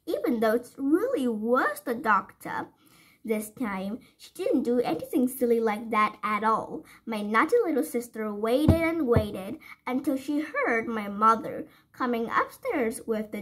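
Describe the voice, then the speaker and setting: Husky woman reading a storybook. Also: a little high, rough recording. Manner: gentle, sing-song, asks listeners questions. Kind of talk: reading a children's storybook aloud.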